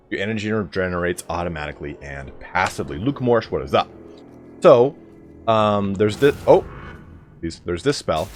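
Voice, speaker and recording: A man livestreaming a video game, chatting casually to his viewers and explaining the mechanics as he plays. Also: fairly low pitch. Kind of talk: casual gameplay commentary.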